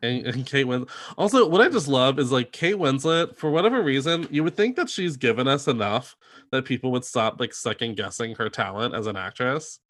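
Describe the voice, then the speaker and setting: A man co-hosting a podcast in casual chat, talking in chatty bursts full of fillers and quick asides. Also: mid-range voice, expressive, fairly bright tone. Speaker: podcast co-host.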